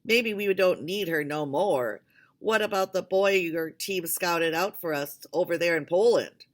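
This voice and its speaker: A white-haired old Texan billionaire, folksy and drawling, voiced by a woman reading aloud. His talk is easygoing and low-pitched. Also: a little slow, close to an everyday voice.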